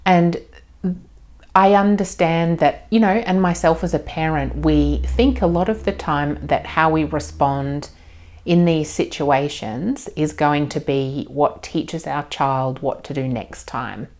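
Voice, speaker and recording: A woman giving parenting advice as a psychologist and parent, speaking in a calm, gentle, explanatory way with frequent ums. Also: low voice, slow pace.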